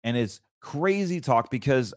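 A man's voice: medium pitch, expressive, measured pace, dry recording, clean studio sound. A man hosting his own show, talking about markets and faith in a fervent, preachy, rambling way with many restarts. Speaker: show host. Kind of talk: casual financial commentary.

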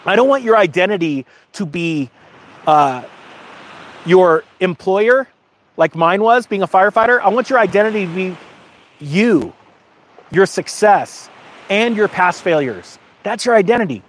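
A man's voice: high voice, expressive, unhurried, a little hiss or hum. A middle-aged man hosting his own channel, talking casually and emphatically, rambling and getting emotional. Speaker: channel host. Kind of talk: casual to-camera talk.

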